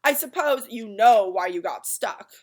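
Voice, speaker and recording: A woman voicing a gruff, impatient male watchdog in a storybook reading, loud and barking. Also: a little high, lively intonation, measured pace. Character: grumpy ticking watchdog, male dog with clock body.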